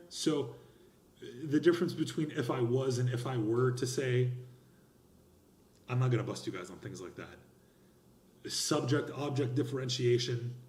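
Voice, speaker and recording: Guy lecturing speech class, really expressive, mid voice, kinda echoey room. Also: medium pitch, slight background noise. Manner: emphatic and expressive, lively gestures. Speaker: college instructor. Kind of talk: recorded lecture on speech grading.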